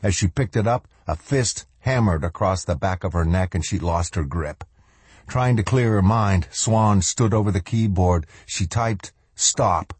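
A man with a low, husky voice narrates an audiobook in a measured, dramatic way, easing his pace when the story grows tense. His tone is dark and mellow, and the recording is close and dry. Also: no room sound. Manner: measured, slows for dramatic moments and voices the characters' lines.

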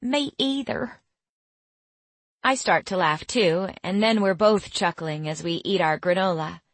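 A young woman narrating a first-person story in a measured, quietly bemused way, in a studio. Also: lowish voice, steady tone, dry recording. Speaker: audiobook narrator.

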